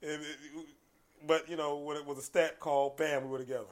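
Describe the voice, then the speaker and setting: A man with a slightly higher voice tells work stories in a relaxed conversational way. He acts out voices and drops to a whisper for emphasis. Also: a little fast. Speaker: guest, martial arts coach. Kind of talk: casual storytelling.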